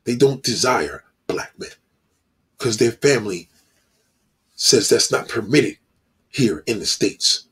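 A man delivering a blunt, profane monologue, animated and acting out the people he talks about. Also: medium pitch, slow, pauses often, a little hiss or hum.

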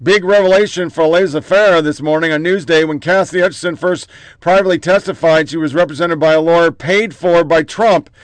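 A man's voice: fairly high pitch, brisk, no room sound. A man hosting a political commentary show, reading out headlines in short clipped bursts with profane, mocking asides.

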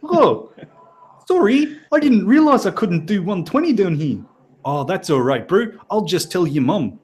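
A man's voice: high-pitched, sing-song, darkish tone, pitched above the performer's own voice. An Australian man mimicking an easygoing male traffic cop with a New Zealand accent, drawling "bro" and letting everyone off. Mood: breezy. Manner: breezy, lenient, drawn-out "bro".

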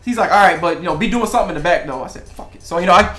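Fast-talking animated man telling a story. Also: high voice, roomy sound, a little hiss or hum. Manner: animated, acts out quotes with laughs. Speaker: podcast co-host. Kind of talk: casual chat, storytelling.

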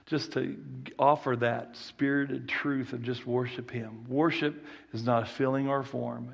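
Male preacher, Southern country accent, gravelly fry, folksy and repetitive in delivery. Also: medium pitch. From rural Texas. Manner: folksy, repeats key phrases, restarts often. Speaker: guest preacher. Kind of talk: sermon.

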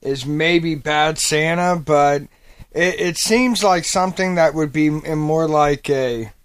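A man's voice: a little high, slow, smooth. A man in a casual quiz among friends, rambling and hedging his guesses. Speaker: quiz contestant. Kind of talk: casual podcast banter.

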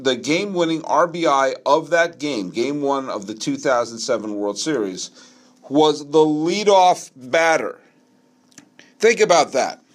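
A middle-aged man hosting a solo sports talk show, answering a listener question in an animated, argumentative way and slowing down to hammer his points. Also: medium pitch. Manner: animated, argumentative, slows down for emphasis. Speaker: podcast host.

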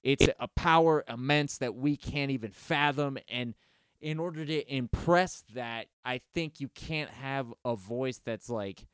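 A man co-hosts a casual music podcast, his voice smooth and resonant. He talks in an animated, profane ramble full of restarts. The sound is close and dry, with no room around it. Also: medium pitch, unhurried, no room sound. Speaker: podcast co-host. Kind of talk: casual music review chat.

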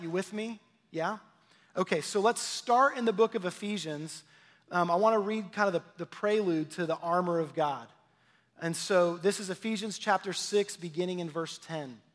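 A man delivers a Sunday sermon in a fairly high voice. He keeps it conversational, checking in with the congregation and repeating key phrases for emphasis. The sound carries a long reverb from a church sanctuary. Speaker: pastor.

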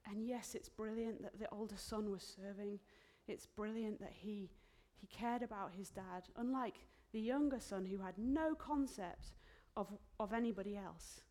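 Woman, sermon in church, heartfelt, emotional, medium pitch, soft whispered asides. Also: normal speed, few pauses. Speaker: preacher.

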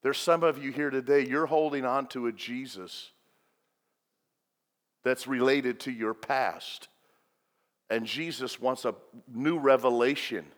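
A man preaching a sermon as pastor, swinging between loud and hushed delivery. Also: mid-range voice, steady tone, unhurried, long pauses. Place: church sanctuary. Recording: long reverb of a large hall.

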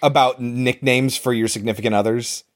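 A man's voice: medium pitch, moderate pace. Guy on a podcast going over a movie plot, swears a lot, does the characters' lines. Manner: animated retelling, swears, acts out quoted lines. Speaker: podcast co-host. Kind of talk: casual movie recap chat.

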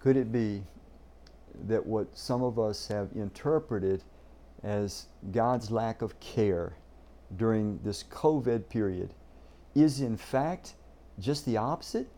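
A man's voice: lowish voice, takes it slowly, dark tone. A male pastor preaching a sermon in an earnest, emphatic way, often repeating words as he starts a sentence.

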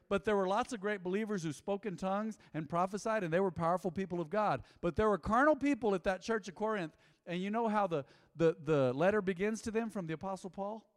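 A middle-aged man preaching a sermon as pastor, lively and humorous, with acted-out quotes. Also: sits high. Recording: echoey hall with long reverb.

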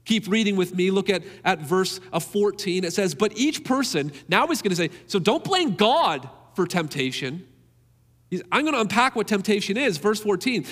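A man's voice: high voice, a bit bright, in a large hall. A man preaching a sermon in an earnest, emphatic way, repeating key phrases to drive them home.

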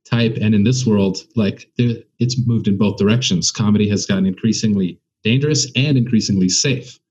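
A man with a low, warm, slightly husky voice chats as a comedian guest, circling his points and restarting sentences as he thinks aloud. The recording is a little dull and lo-fi. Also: moderate pace. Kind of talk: casual podcast conversation.

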